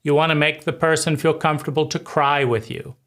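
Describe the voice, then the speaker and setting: A man teaching conversation skills in a deliberate way, often repeating himself and checking in with "right?". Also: on the high side, steady tone, fairly bright tone. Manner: slow, deliberate, repeats phrases and asks "right?". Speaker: life coach.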